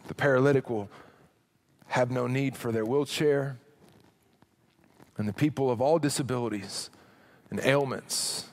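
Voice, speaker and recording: A middle-aged man preaching a sermon as pastor, humorous and conversational, with dramatic drops to a hush. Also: medium pitch, unhurried, pauses often.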